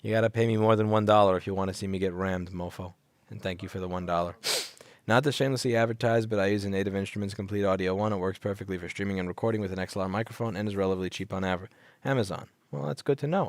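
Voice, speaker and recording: A man with a lowish voice hosts a late-night livestream, reading chat and firing back blunt, sarcastic answers. He sounds sleepy and yawns often, and he repeats lines for emphasis. His headset mic gives a dry, close sound with no room echo. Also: very fast. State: sleepy, yawning. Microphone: headset microphone.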